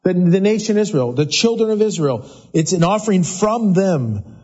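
Guy pastor preaching in church, chatty, keeps repeating himself, kinda husky, dull recording. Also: high-pitched, animated, normal speed, a little mellow. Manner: conversational, repeats words often. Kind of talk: sermon. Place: church sanctuary.

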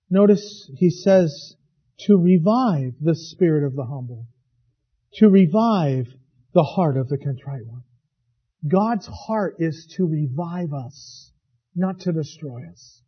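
A man preaching a sermon as pastor, swinging from hushed to loud. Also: on the high side, animated, slow, breathy edge, dull audio.

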